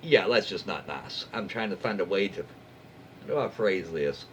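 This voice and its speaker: A man narrates internet stories in an easygoing, chatty way, his pitch rising and dipping with a lively swing. He keeps cutting in with folksy, wry remarks and jokes he censors himself, while a faint hum sits behind him. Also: moderate pace. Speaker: YouTube host reading Reddit stories. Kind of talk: casual story reading with commentary.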